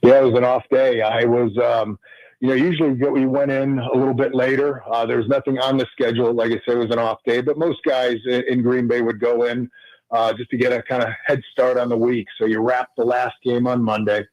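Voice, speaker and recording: A man, a former pro football player, recounting his memories as a guest on a radio show, talking in halting sentences full of restarts. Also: mid-range voice, level tone, darkish tone, no room sound, highs cut off. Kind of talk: conversational radio interview.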